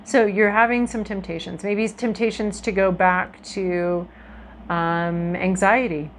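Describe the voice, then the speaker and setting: A woman's voice: mid-range voice, fairly even intonation, unhurried, a little hiss or hum, rough recording. A woman giving a casual tarot reading to her viewers, talking in a chatty, reflective way with frequent ums and restarts. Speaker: tarot reader.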